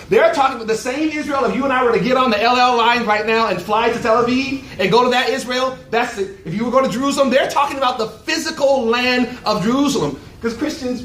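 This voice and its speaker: A man preaching a sermon at a luncheon, with animated, rhetorical call-and-response delivery. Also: very high-pitched, slight background noise. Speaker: pastor. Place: event hall. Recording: echoey room, voice from far off.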